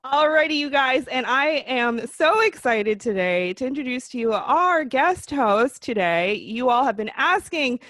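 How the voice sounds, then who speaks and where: A woman's voice: high voice, lively intonation, a little slow, few pauses, fairly bright tone, no room sound, clean studio sound. A woman hosting a casual podcast, introducing her co-hosts and guest with bubbly enthusiasm. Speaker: podcast host.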